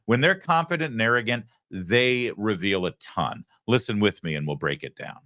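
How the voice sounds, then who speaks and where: A man's voice: fairly low pitch, lively intonation, normal speed, pushed and bright, a little hiss or hum. A man hosting a political commentary show, talking in an emphatic, sarcastic way.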